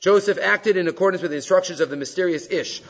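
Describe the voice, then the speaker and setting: Guy giving a torah class, kinda high voice, dull echoey hall sound. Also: fast. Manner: animated, questioning, sprinkled with Hebrew terms. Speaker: Torah teacher. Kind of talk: weekly Torah portion class. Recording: dull audio with long hall reverb.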